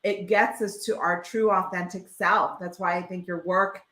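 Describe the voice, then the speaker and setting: A woman's voice: lowish voice, steady tone, normal speed, a bit bright. A woman co-hosting a podcast in casual chat, teasing and enthusiastic. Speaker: podcast co-host. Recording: roomy echo.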